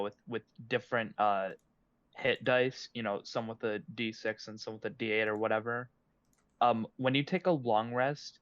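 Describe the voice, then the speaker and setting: A man's voice: medium pitch, a bit bright, dry recording. Man, tabletop player, rambling, hesitant, dry dull mic. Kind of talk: casual chat at a game table.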